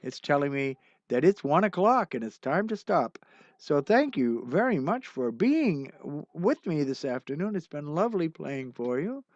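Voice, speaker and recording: An older man hosting a livestream of his songs, chatting casually and rambling with plenty of "uh" fillers, then signing off warmly to his viewers. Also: a little high, big pitch swings, moderate pace, no room sound. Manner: warm, encouraging sign-off. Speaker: singer-songwriter hosting a livestream. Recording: dull, muffled lo-fi sound with faint music.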